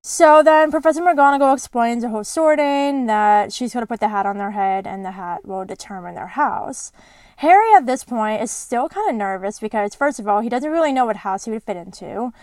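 A woman's voice: fairly high pitch, expressive, fairly quick, a little mellow, no echo. A young woman hosting a podcast, recapping a book in a bubbly, giggly way. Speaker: podcast host. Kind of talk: casual chat retelling a book.

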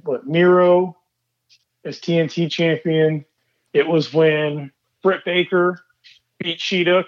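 Easygoing man on a dull mic. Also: on the high side. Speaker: podcast co-host. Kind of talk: casual wrestling chat.

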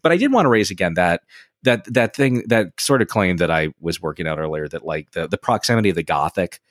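A man's voice: low voice, lively intonation, a little fast, no echo, studio quality. A man co-hosting a casual literary discussion, rambling and profane, reading passages aloud. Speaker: podcast co-host.

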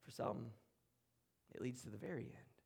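A man pastor preaching a sermon in a church room, earnest, with dramatic pauses and drops to a hush. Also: mid-range voice, animated, gravelly, husky. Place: church room, speaking from the front.

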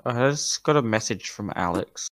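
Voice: mid-range voice, lively intonation, normal speed. A game master narrating a tabletop fantasy game over an online call, casual, laughing easily and often restarting sentences.

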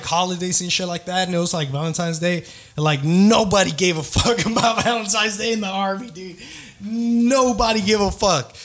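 A young man hosts a casual podcast, rambling through stories full of swearing and street slang. His voice sits fairly high for a man, and he laughs often as he goes. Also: fairly bright tone. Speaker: podcast host. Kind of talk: casual storytelling chat.

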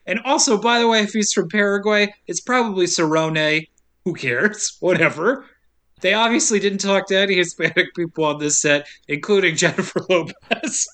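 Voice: medium pitch, moderate pace, a bit bright. A podcast co-host recapping a movie in casual chat, wry and sarcastic, laughing often.

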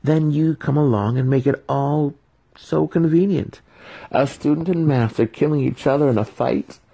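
A man voicing a scheming young male dark elf student who rambles and gloats, in a dramatic audiobook reading. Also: on the high side, moderate pace, gravelly, slightly rough, voice pushed up. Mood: gloating. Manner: sly, rambling, triumphant.

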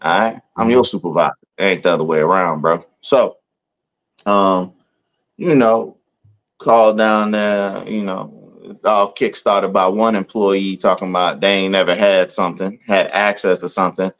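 Man, podcast co-host, very deep voice, casual storytelling, acts out quotes, muffled lo-fi sound. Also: moderate pace. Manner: animated, acts out quoted voices in a higher pitch; peppers talk with "you know what I'm saying". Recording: dull lo-fi sound.

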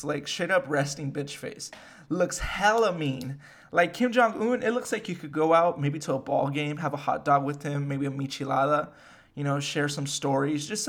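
A man's voice: on the high side, fairly bright tone. A young man hosting a podcast, rambling in casual, slangy chat full of swearing. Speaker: podcast host.

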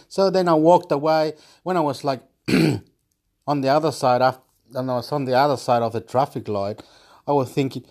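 A man's voice: mid-range voice, moderate pace, a little mellow. A man telling a rambling story at home into his phone, repeating himself, restarting sentences, swearing and laughing between phrases. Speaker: vlogger. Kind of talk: rambling casual monologue.

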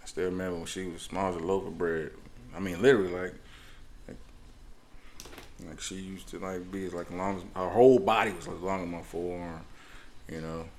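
A man's voice: sits low, steady tone, a little fast, pauses often, darkish tone, a little hiss or hum. A man in his forties telling rambling stories on a podcast, acting out the people in them. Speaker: podcast co-host. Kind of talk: casual storytelling chat.

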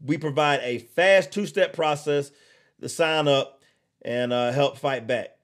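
A man hosting a political podcast, giving heated, blunt opinion commentary with slow, emphatic repetition and drawled asides. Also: fairly high pitch.

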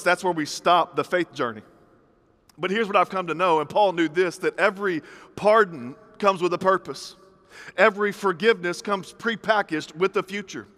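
Male pastor, thirties, preaching to a congregation, slightly high voice, long hall reverb. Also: pushed and bright. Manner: conversational preaching with punchy repeated phrases. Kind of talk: sermon.

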